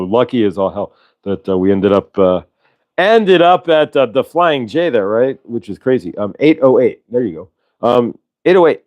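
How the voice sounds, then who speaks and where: A man with a medium-pitched, darkish voice hosts a casual livestream, rambling along and tacking "right?" onto what he says.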